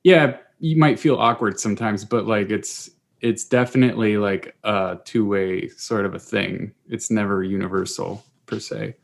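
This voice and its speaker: A man's voice: on the low side, moderate pace, vocal fry, few pauses. A man co-hosting a podcast in casual chat, tossing in jokey quips. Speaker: podcast co-host.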